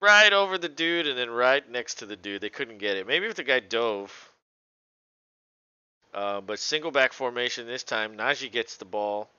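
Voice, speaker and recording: A man casually calling a football game play by play, relaxed, laughing often and swearing freely. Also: mid-range voice, normal speed, clean tone, no room sound, highs cut off. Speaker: co-host doing play-by-play.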